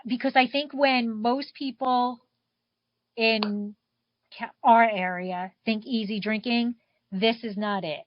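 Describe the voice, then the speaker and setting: A woman co-host chats easily over a video call. Her voice sits a little high, and the line is dull and dry. She talks in a relaxed, friendly way. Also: slow, no room sound. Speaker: co-host of a wine show. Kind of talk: casual chat on a video call.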